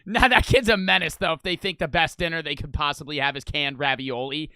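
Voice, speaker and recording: A young man casually reacting to old TV commercials, swearing freely and breaking into loud, incredulous outbursts. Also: on the high side, fairly even intonation, brisk, smooth, dry recording, soft background music.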